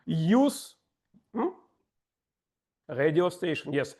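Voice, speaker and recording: A man's voice: on the high side, sing-song, extremely slow, a little mellow. A man giving a joking, ironic impromptu speech at a speaking club.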